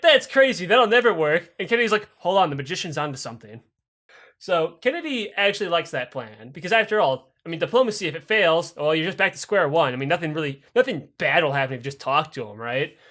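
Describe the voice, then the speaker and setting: Podcast co-host, male, high and lively, swears a lot, plays out every figure in the story. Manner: animated, profane, acts out quoted figures in raised voices. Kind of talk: casual comedic history storytelling.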